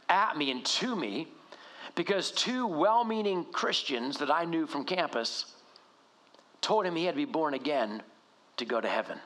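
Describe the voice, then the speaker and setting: A middle-aged male pastor preaching in a conversational, animated way, often asking rhetorical questions. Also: high voice. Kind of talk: sermon.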